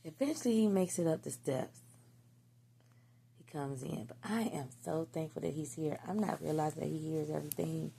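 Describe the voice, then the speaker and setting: A woman with a low, gravelly voice tells a personal story in a loose, casual monologue. Her tone is husky and a bit rough, and her delivery is candid and profane, full of slang. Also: normal speed, warm tone.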